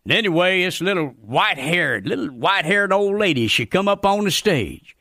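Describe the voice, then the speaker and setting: Brief: a man voicing a grumpy redneck radio commentator, drawl, bright and forceful, rather high-pitched. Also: big pitch swings, moderate pace, no echo, clean studio sound, heavily acted. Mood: ranting. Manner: folksy, ranting, ungrammatical drawl. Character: loudmouthed folksy redneck male commentator, middle-aged, grumpy. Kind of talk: scripted radio comedy rant.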